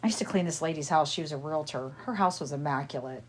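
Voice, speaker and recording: A woman in her forties talks fast in a low voice while cleaning her home, livestreaming casual chat through her phone with the camera off. She's a little out of breath and rambles from story to story, and a faint hiss or hum is audible.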